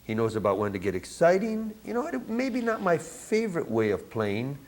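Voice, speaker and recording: Middle-aged man from Buffalo, slightly higher voice, lively raconteur who mimics others mid-story. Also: moderate pace. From Buffalo, New York, USA. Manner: animated, laughing storyteller who acts out quotes. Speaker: guest musician, jazz saxophonist. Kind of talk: casual anecdotal storytelling.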